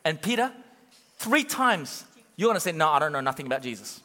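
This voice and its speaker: A preacher voicing Jesus, talking softly and plainly to a friend. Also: male voice, fairly high pitch, sing-song, brisk, long reverb tail, pitched below the performer's own voice. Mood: gentle, warning. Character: Jesus speaking gently to a friend.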